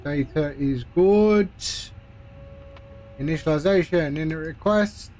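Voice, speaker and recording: A man's voice: a little high, takes it slowly, dark tone. A man streaming a flight simulator, chatting casually as he talks through each step with friendly asides. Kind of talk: live-stream commentary while playing.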